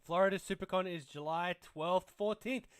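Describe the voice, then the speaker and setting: A man's voice: high voice, steady tone, moderate pace, smooth. A young man hosting a casual toy livestream, rambling and swearing freely as he reads chat aloud. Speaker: livestream host.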